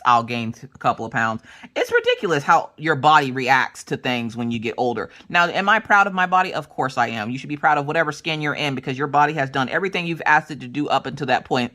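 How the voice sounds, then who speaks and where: A woman hosting a craft vlog from her home craft room, telling family stories in a casual chat with lots of acted-out voices. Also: a bass voice. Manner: animated, acts out family members' voices. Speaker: craft channel host.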